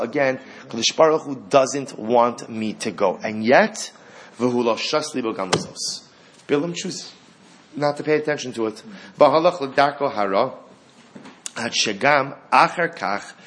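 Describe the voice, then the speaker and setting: Animated man teaching a Torah class. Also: mid-range voice. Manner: animated, rhetorical questions, acts out quotes.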